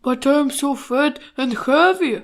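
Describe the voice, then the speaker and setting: A woman voicing a gentle, dreamy, timid male elephant who talks wistfully and hesitantly. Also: high-pitched, measured pace, creaky, voice pushed up. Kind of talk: storybook voice acting.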